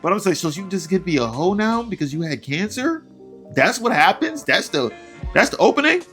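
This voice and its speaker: A man's voice: sits high, big pitch swings, a little fast, sharp tone, soft background music. A man hosting a reaction show, ranting in exasperation and laughing often as he comments. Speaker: reaction channel host.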